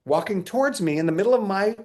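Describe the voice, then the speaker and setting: A man being interviewed, telling casual stories in an animated way, acting out quotes and often laughing. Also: sits high, fast talker. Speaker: interview guest, musician.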